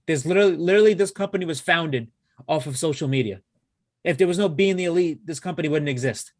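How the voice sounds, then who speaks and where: A man co-hosting a wrestling show in casual chat, excitable and swearing freely, often restarting his sentences. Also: fairly high pitch, fast, dry recording, clean studio sound. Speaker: wrestling podcast co-host.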